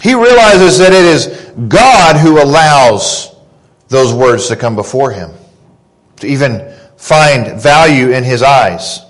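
A man in his thirties preaching a sermon, earnest and deliberate, rising in pitch when he quotes scripture. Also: lively intonation, poor audio. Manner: slow, earnest preaching with emphatic rises on quotes. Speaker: pastor.

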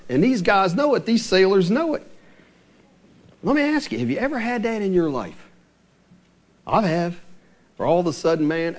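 A middle-aged man preaching a sermon as pastor, animated and asking his listeners rhetorical questions. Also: high-pitched.

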